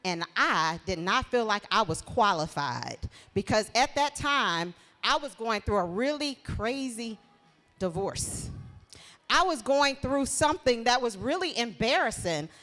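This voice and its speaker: A woman's voice: fairly high pitch, sing-song, unhurried. A woman from Shreveport hosting a live event, sharing her testimony and rallying the crowd. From Shreveport, Louisiana. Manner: warm preachy testimony, rallies the crowd. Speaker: show host. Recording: long hall reverb.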